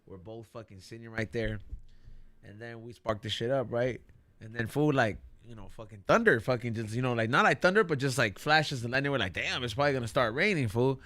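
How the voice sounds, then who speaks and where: Bright-voiced slangy man telling a story. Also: mid-range voice, brisk. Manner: slangy, swears a lot, calls people "dog". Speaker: podcast co-host. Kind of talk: casual chat, storytelling.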